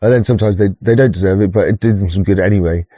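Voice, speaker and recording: A man's voice: sits low, rapid-fire, dark tone, no echo. Rambling man, dull lo-fi mic. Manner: rambling, profane, frequent restarts. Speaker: livestream host. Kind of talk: rambling livestream chat.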